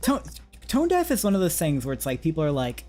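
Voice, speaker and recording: A man coaching singing in a relaxed online session, talking gently with many restarts and fillers, now and then singing a few scale notes. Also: on the high side, quick pace. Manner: sings short scale demos. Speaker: vocal coach. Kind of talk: casual vocal lesson over a call.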